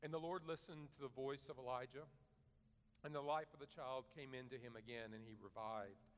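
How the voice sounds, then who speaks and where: A man preaching a sermon, earnest and measured, rising to loud emphasis and then dropping to a soft, quiet delivery. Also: mid-range voice, fairly even intonation, long reverb tail. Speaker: pastor.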